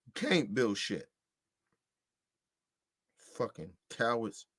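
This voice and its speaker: A man's voice: mid-range voice, sing-song, extremely slow, fairly bright tone, husky, no room sound, studio quality. A man from the United States delivering a heated, profane, repetitive ranting monologue as a show host.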